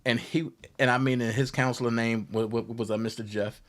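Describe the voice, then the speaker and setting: A young man telling a story about his college days, acting out the voices of the people in it with loud jumps. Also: medium pitch, flat delivery, fairly quick. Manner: acts out quotes with big loud jumps in voice. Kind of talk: animated storytelling.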